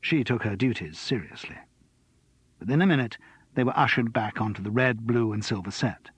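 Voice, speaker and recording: A man narrating an audiobook in an expressive, lively storytelling manner. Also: mid-range voice, moderate pace, husky, no echo. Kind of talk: scripted narration.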